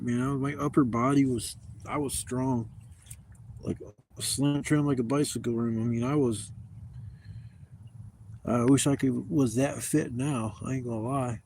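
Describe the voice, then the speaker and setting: A man's voice: mid-range voice, gravelly, warm tone, a little hiss or hum. A man in his fifties telling rambling, profane stories in a casual vlog from a campsite. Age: 50s. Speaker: camping vlogger. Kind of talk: casual storytelling to camera. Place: outdoors at a campsite.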